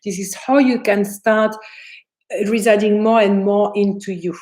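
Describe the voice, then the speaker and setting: A woman spiritual teacher chats animatedly on a live stream, answering viewers' comments and laughing as she acts out the voices in her head. Her voice is mid-range and a little slow.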